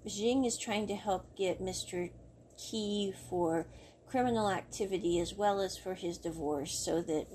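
Chatty woman recapping a drama, mellow. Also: mid-range voice, slight background noise. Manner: chatty, rambling, laughs at the story. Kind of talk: casual plot recap.

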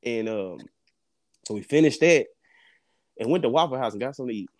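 A man's voice: mid-range voice, fairly quick, no echo, studio quality. A young man tells a story in casual podcast chat, swearing and laughing often. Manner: animated, profane, laughs often. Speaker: podcast co-host.

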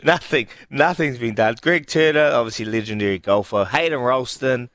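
A man's voice: medium pitch, moderate pace, fairly bright tone, dry recording, clean studio sound. A man co-hosting a radio show, easygoing and slangy with chuckles. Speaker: radio co-host. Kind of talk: casual radio banter.

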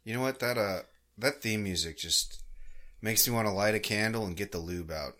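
Low-voiced, bright-toned, swearing podcast guy. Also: moderate pace, faint music behind. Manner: swears freely, hesitant restarts, wry. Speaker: podcast co-host. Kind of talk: casual podcast banter.

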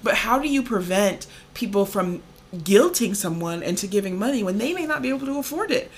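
With an expressive, medium-pitched voice and a slightly fast pace, this woman co-hosts a podcast in easygoing conversation. Her speech is full of fillers, especially "like," and she laughs often.

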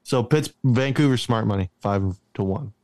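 A man's voice: mid-range voice, normal speed, darkish tone, no echo. A young man in a casual hockey chat, arguing his points and joking around. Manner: argumentative, joking, stretches words to make a point.

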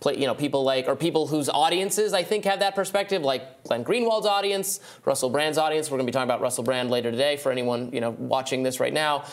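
A man hosting a political show, asking long questions in a measured, hesitant way with many fillers. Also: medium pitch. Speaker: host. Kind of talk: interview questions.

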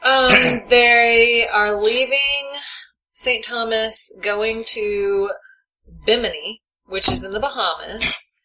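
A woman's voice: on the high side, takes it slowly, low-quality recording. A woman co-hosting a casual podcast, recapping a TV episode in a chatty, laughing way. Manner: chatty, laughing, animated asides. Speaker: podcast co-host. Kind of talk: casual chat recapping a reality show.

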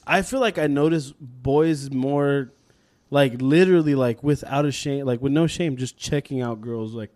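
A young man co-hosting a casual podcast, telling stories in an animated, laughing way with plenty of swearing. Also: medium pitch, moderate pace. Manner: animated storyteller, laughs often, swears freely. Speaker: podcast co-host. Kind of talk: casual chat.

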